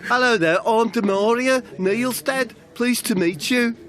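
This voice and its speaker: A man's voice: measured pace, a bit bright. A man voicing a chirpy, overfriendly father in a comedy role-play, bubbly and eager to please. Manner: high, bubbly, overly cheerful.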